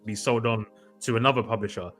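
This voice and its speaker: A man in a casual chat who talks hesitantly and thinks aloud, pausing on fillers. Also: fairly low pitch, steady tone, a bit bright, faint music behind.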